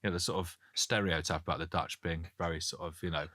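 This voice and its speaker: Deep-voiced, bright-toned British man. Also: fairly even intonation, fast, dry recording, studio quality. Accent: British English. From Britain. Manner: jokey, reads listener messages aloud. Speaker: podcast co-host. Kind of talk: casual podcast chat. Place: Canada.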